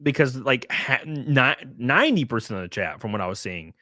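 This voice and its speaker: A man's voice: mid-range voice, expressive, normal speed, sharp tone, dry recording, clean studio sound. A man chatting casually on a live stream, rambling, laughing and reading out chat messages. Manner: rambling, reads chat aloud, laughs often.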